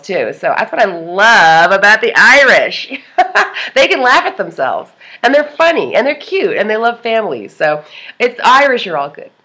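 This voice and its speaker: A woman's voice: medium pitch, bright, forceful tone. A woman rambling casually in a personal vlog, chatty and jokey, laughing often between thoughts. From part Lithuanian. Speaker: vlogger.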